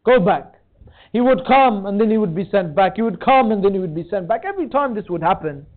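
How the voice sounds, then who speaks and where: Male preacher, very high pitch, tearful lamenting delivery, tinny lo-fi recording. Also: expressive, brisk. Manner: recites in a rising lament, voice breaking toward tears. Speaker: speaker at a mourning gathering. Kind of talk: emotional sermon narration. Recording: tinny phone-like sound.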